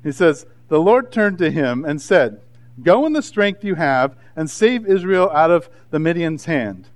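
Male pastor, 30s, lively conversational sermon delivery, slightly higher voice. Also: measured pace. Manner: animated, conversational preaching with voiced asides.

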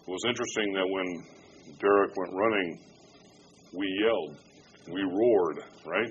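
A man preaching a sermon in a conversational way, swinging from hushed to loud. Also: sits low, unhurried, pauses often, muffled recording, slight background noise. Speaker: pastor.

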